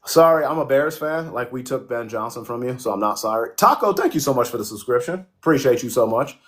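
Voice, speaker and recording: A male livestream host chatting loosely with his viewers. He jokes, swears freely and talks back to comments as they arrive, in an easygoing, mid-pitched voice. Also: animated, a little fast, a bit bright. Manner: profane, joking, reacts to chat. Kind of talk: casual livestream chat reading comments.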